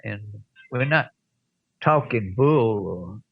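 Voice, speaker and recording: An older man, telling a rough anecdote as an interview guest with chuckles and blunt profanity. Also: fairly low pitch, animated, drawn-out words, no room sound, narrow, tinny audio. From American South. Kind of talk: storytelling in an interview.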